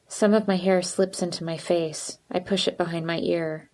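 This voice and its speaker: A woman reading a first-person audiobook in an even, measured way. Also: on the low side. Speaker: audiobook narrator.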